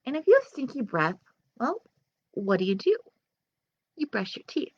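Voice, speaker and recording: A woman librarian reading a children's story aloud and talking right to the kids. Her voice is fairly high and swings widely, and she takes it slowly. It is recorded close and dry. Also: no room sound, muffled recording. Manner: animated, expressive, talking directly to kids.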